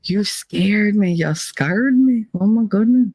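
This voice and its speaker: A woman's voice: medium pitch, slow pace, warm tone, breathy edge, dry recording. Middle-aged woman streamer, playful, teasing, laughing often, dry close mic. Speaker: livestream host. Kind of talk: casual chat with live chat.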